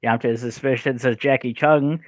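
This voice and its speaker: A man's voice: mid-range voice, fairly even intonation, a little fast, dry recording, studio quality. A man co-hosting a podcast, recapping an episode casually with hesitant, stammering starts. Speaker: podcast co-host.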